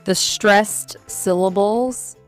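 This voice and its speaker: A woman co-hosts an educational podcast, guiding listeners through study steps one at a time in a chatty, upbeat way. Her mid-range voice moves very slowly over faint background music, and the talk is scripted.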